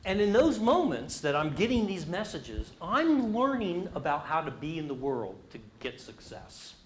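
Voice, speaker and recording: Lively middle-aged man leading a workshop. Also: a little high, normal speed. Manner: animated, asks the audience questions. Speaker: workshop presenter. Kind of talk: interactive leadership workshop talk.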